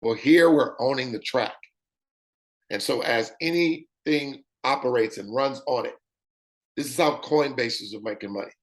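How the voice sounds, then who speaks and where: A man with a raspy voice giving an animated sales pitch demonstration, often checking in with "okay?" as he talks. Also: unhurried. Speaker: presenter.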